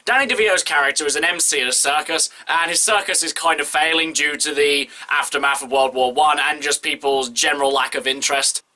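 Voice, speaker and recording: A man's voice: fairly high pitch, bright, forceful tone. A man giving a casual, candid film review, talking in an opinionated, chatty way.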